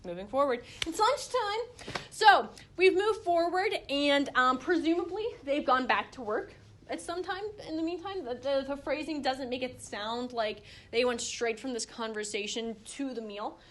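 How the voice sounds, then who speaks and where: A young woman with a slightly high voice leads a relaxed Bible study. She talks in a chatty, animated way, full of fillers and restarts, and acts out the quotes as she goes. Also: normal speed. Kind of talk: casual Bible study teaching.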